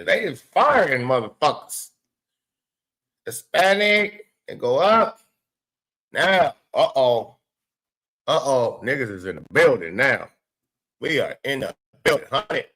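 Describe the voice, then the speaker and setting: A man hosting a show, giving loose, excitable live reaction commentary with lots of swearing and laughing asides. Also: medium pitch. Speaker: show host.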